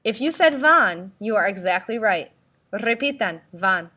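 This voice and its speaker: A woman teacher giving a recorded tutorial, speaking slowly and deliberately, spelling out letters and asking listeners to repeat. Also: fairly high pitch, lively intonation, sharp tone. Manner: slow, deliberate, spells out letters and prompts repetition. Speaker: Spanish teacher.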